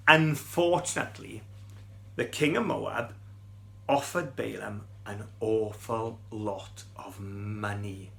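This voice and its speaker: A man's voice: on the low side, takes it slowly, gravelly, fairly bright tone. A middle-aged man, telling a Bible story to children in a chatty, playful way and asking them questions.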